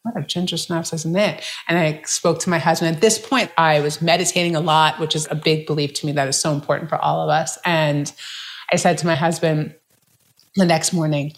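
A woman coach, appearing as a guest, tells her story in a deep voice with little pitch movement, speaking a little fast. She's casual and chatty, often dropping fillers like "like" and "right?"

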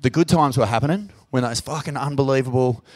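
A man with an Australian accent hosting a live podcast on stage in a pub, sweary and emotional, loud when he hypes up the crowd. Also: mid-range voice, fast talker. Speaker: podcast host. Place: pub venue with live audience.

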